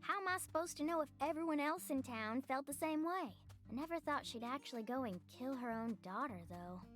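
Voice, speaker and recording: Small-town girl, folksy and hesitant, high voice, with clear music underneath. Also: fairly quick, fairly bright tone. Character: young small-town woman, candid and uneasy. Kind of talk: video game dialogue.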